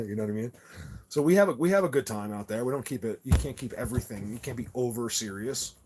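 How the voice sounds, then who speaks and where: A man's voice: medium pitch, quick pace, noisy background. A man hosting a casual livestream chat, rambling and insistent, with many restarts and repeated words as he talks to his viewers. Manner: earnest and insistent. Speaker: channel host talking to live chat viewers.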